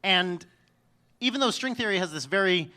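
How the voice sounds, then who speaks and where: A man telling a funny personal story live on stage, swinging between loud bursts and quiet, dry asides. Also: high-pitched, lively intonation, normal speed. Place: stage before an audience.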